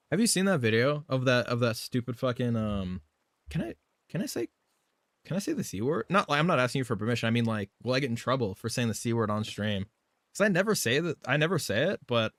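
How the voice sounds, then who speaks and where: A man's voice: mid-range voice, fairly bright tone, dry recording, studio quality. A man live streaming a game, chatting casually in a loose, rambling way, swearing and laughing often.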